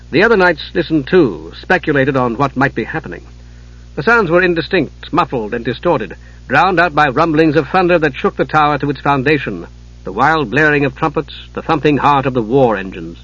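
Husky man narrating an audiobook. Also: medium pitch, a bit bright, dull audio. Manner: measured and dramatic.

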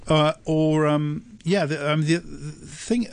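Radio presenter guy, gravelly, dry close mic, lots of ums, thinking out loud. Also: fairly high pitch, steady tone, slow pace, dry recording. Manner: hesitant, many ums and restarts, thoughtful. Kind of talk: casual radio chat. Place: radio studio. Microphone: studio microphone.

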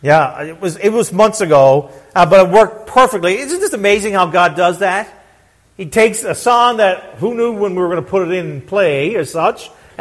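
A middle-aged man preaches a sermon in a fairly high voice. He stumbles over and repeats his words, then builds up to loud, emphatic declarations. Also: expressive, normal speed. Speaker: pastor.

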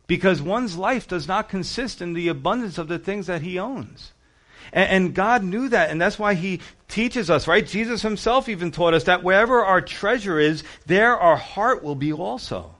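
A man's voice: sits high, expressive, normal speed, fairly bright tone. A man preaching a sermon, acting out the Bible characters as he quotes them. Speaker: pastor.

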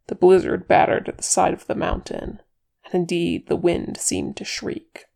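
A woman narrating a chapter of fan fiction as an audiobook reader, measured and expressive. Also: fairly low pitch, gravelly.

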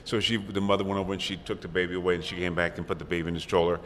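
A deep-voiced older man with a bright, forceful edge tells a rambling panel anecdote, stopping and restarting as he goes. His voice carries through a large echoing hall over a faint hum of room noise. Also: level tone, racing. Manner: rambling storyteller, many restarts and laughs. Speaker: actor on a convention panel. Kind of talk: casual anecdote telling.

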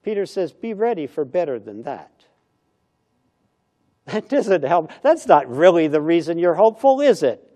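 A man's voice: a little high, big pitch swings, normal speed, warm tone. A middle-aged pastor preaching a conversational sermon, acting out little everyday dialogues as he goes.

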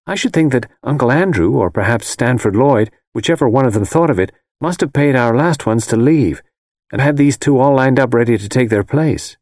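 Soft, dreamy young heiress in a storybook reading, a male narrator lifting his voice; lilting and expressive. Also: medium pitch, moderate pace, no room sound, clean studio sound, pitched above the performer's own voice, close to an everyday voice. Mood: calm. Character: gentle young rich American wife.

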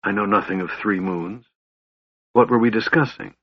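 A man's voice: on the low side, moderate pace, slightly rough, highs cut off. A man doing frail weary Raistlin. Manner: weary, tired delivery. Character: frail sickly young male mage, weary and bitter.

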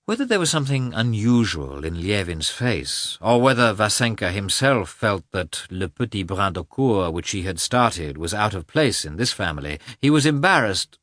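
Expressive low-voiced male narrator. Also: moderate pace, hardly any pauses, no room sound, clean studio sound. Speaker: audiobook reader. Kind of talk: scripted narration.

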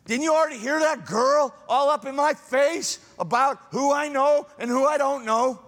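A man voicing Peter as a whiny, pleading grown man, exasperated and raised in pitch. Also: normal speed, big-room sound. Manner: exasperated, pleading, high and loud.

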